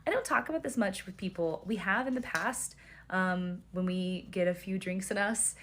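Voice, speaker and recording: A woman's voice: medium pitch, moderate pace, a little hiss or hum. A woman telling an earnest first-person story for social media, hesitant and full of restarts and fillers.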